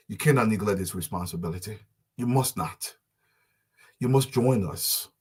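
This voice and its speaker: A man's voice: on the low side, a little mellow, husky. A man from Liberia, giving an impassioned live-stream address as a community advocate, with emphatic, repetitive rallying oratory.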